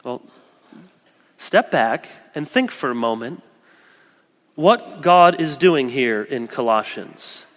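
Animated male preacher, bright ringing voice. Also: medium pitch, takes it slowly, pauses often. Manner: animated, shifts between loud emphasis and soft quoted asides. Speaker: pastor. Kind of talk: sermon. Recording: long echoey church hall.

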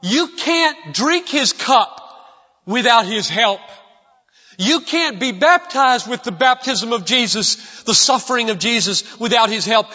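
A man's voice: very high voice, expressive, measured pace, pushed and bright. A man preaching a sermon in a church sanctuary, emphatic and repeating key lines for stress. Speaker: pastor. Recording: dull lo-fi recording with long hall reverb.

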